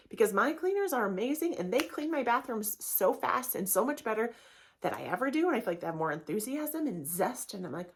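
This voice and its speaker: A woman's voice: medium pitch, expressive, slightly rough. Chatty candid woman podcaster. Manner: chatty and candid, acts out quick voices. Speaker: podcast host. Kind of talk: casual solo podcast talk.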